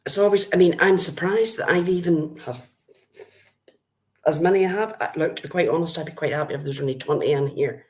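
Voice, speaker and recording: Northern Irish woman, middle-aged, low voice, friendly live-stream chatter. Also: fairly quick. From Northern Ireland. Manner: chatty, greets viewers by name, calls them love. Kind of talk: casual live-stream chat with viewers.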